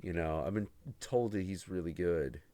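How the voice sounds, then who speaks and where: Deep-voiced and dark in tone, this man talks at normal speed on a recording with no echo. As a podcast host on a casual live stream, he rambles with sarcasm, curses nonstop, and ridicules movie characters.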